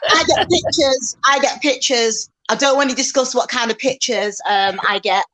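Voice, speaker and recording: A woman's voice: fairly high pitch, normal speed, very noisy. English woman telling a studio story. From England. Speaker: radio presenter guest. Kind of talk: casual interview chat.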